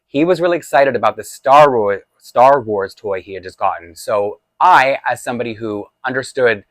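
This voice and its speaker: A man's voice: medium pitch, moderate pace, a bit bright, dry recording. A man in his forties telling a personal childhood story in a chatty, confessional way, laughing often. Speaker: vlogger. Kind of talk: storytime vlog.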